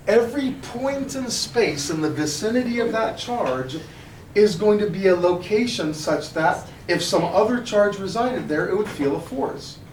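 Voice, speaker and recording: A man with a fairly high voice teaching a physics class, animated and jokey. He sounds far from the camera in an echoey classroom, with a faint hum of the room underneath. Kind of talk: classroom lecture. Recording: roomy classroom audio from a distance.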